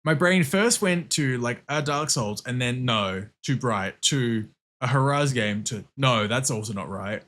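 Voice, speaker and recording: A man streaming a game and chatting casually, excitable, laughing a lot and swearing often. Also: mid-range voice, a little slow. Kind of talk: casual livestream chat while gaming.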